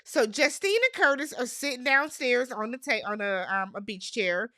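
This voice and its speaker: A woman's voice: on the high side, normal speed, few pauses, dry recording, studio quality. A young adult woman from the United States giving a casual, slangy recap of a reality show and acting out the cast's lines. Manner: chatty, animated, slangy, mimics cast members' lines. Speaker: recap vlogger.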